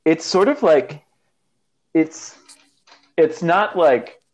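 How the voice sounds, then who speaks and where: A man's voice: on the high side, expressive, drawn-out words, darkish tone. A man co-hosting a casual podcast about a movie, rambling with many fillers and restarts. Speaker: podcast co-host.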